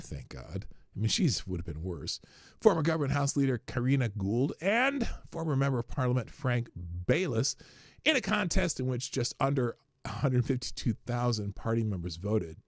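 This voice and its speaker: A man's voice: medium pitch, big pitch swings, moderate pace, dry recording, studio quality. A man with a Minnesota accent hosting a livestream, reading news aloud with sarcastic asides. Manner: sarcastic, laughs at own jokes. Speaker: livestream host.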